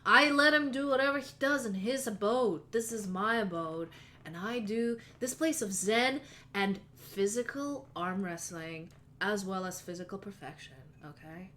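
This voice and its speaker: A woman's voice: medium pitch, unhurried, a bit bright, slight background noise, natural voice. A woman voicing a laid-back male stoner who owns a juice bar, drawling surfer slang and calling everyone man and dude. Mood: defensive.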